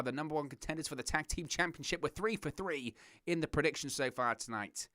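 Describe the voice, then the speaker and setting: Bright, crisp Englishman calling wrestling. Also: fairly high pitch, a little fast, few pauses, no echo, studio quality. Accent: southern English. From England. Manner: excitable play-by-play, giggles at puns, reads chat. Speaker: watch-along host. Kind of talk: live wrestling commentary.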